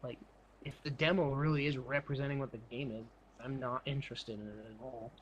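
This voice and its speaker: A man's voice: mid-range voice, fairly even intonation, a little fast, slightly rough, dull audio. A man co-hosting a casual gaming podcast, rambling with lots of "like" and restarted phrases. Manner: rambling, heavy use of "like", restarts. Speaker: podcast co-host. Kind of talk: casual chat.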